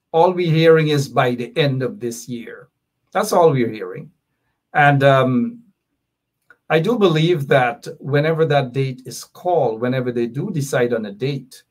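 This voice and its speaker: A man appearing as an activist guest on a talk show, explaining his position in a measured, deliberate way and repeating points for emphasis. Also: on the high side.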